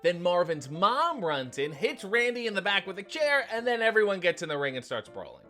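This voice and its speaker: A man's voice: high voice, very animated, a little fast, bright, forceful tone, faint music behind. A man hosting a comedic recap of a TV episode, sarcastic and profane in his storytelling. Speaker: host.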